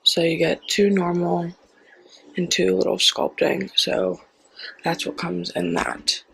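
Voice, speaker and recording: A young woman chatting excitedly through a shopping haul at home, full of "like" and quick asides. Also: fairly low pitch, creaky, slight background noise, poor audio. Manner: chatty, excitable, with frequent "like" and "so we got her". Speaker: haul vlogger. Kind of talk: casual product haul chat.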